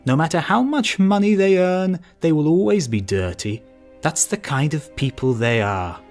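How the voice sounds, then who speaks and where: A man voicing a bitter, drunken male hitchhiker who talks slowly and slurs his words. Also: on the high side, sing-song, a little mellow, soft background music, voice pushed up. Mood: drunken grumbling. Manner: slurred, slow, swallowing syllables.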